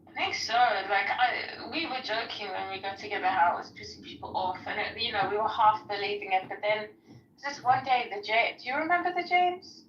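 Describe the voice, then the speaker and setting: A woman's voice: medium pitch, expressive, a little fast, fairly bright tone, slight background noise. A woman talking candidly in a casual chat, chatty and swearing casually. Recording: roomy, dull, distant mic.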